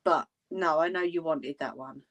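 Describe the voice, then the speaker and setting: A woman's voice: low-pitched, normal speed, muffled recording. A woman chatting casually with livestream viewers, blunt and laughing often. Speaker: livestream host.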